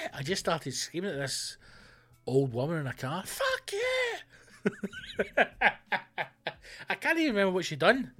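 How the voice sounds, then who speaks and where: A man with a Scottish accent hosting a comedy podcast, ranting loudly and swearing a lot. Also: a little high. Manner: loud, sweary, animated ranting.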